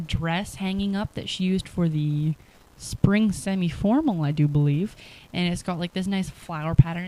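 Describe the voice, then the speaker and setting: A woman's voice: fairly low pitch, mellow, slight background noise. A young woman telling a rambling personal story to the camera, laid-back and full of fillers. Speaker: vlogger.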